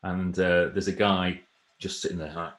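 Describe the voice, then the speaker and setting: A man's voice: deep voice, level tone, moderate pace, fairly bright tone, roomy sound. A man, a presentation trainer and author, chatting casually and telling stories with a self-deprecating, rambling manner. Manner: self-deprecating, chatty storyteller with frequent restarts. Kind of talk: casual chat.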